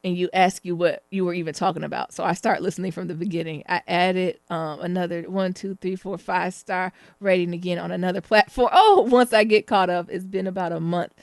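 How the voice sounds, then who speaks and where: A woman with a somewhat low voice co-hosts a casual podcast, reading reviews and bantering with her partner. She is playful and loose, tossing in swear words. The recording is dry and close. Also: fairly even intonation, fairly quick, vocal fry, hardly any pauses, dry recording. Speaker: podcast co-host.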